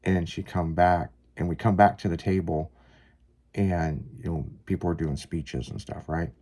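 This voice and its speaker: A man's voice: sits low, fairly even intonation, moderate pace, warm tone. A man casually telling a long personal story, rambling with lots of fillers and some swearing. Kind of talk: casual chat, personal anecdote.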